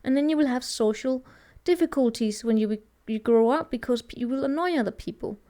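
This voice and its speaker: Rambling, mellow-voiced woman tarot reader. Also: fairly high pitch, a little fast. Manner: rambling, thinking aloud with many restarts. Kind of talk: casual tarot reading monologue.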